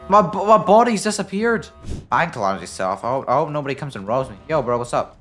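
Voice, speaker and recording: A British man commenting on his own gameplay as a video creator, jokey and excitable, breaking into sudden loud yelps. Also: mid-range voice, fast, faint music behind. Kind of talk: playing a game and commenting.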